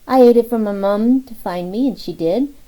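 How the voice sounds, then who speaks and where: A woman's voice: fairly high pitch, normal speed, warm tone, voice pushed up, close to an everyday voice, rough recording. A woman voicing an earnest, lisping little boy of about three in an audiobook. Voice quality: lisping childish speech.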